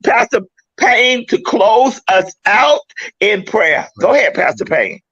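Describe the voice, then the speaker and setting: A woman's voice: medium pitch, big pitch swings, slow, fairly bright tone, husky, dull audio. A woman hosting a radio talk show, signing off with effusive, exclamatory thanks to her guest. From New York. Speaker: host.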